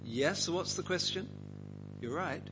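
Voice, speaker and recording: A man's voice: a little high, expressive, a little slow, background noise. A man teaching a Bible passage to a group, asking them questions and acting out quotes. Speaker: preacher leading a Bible study.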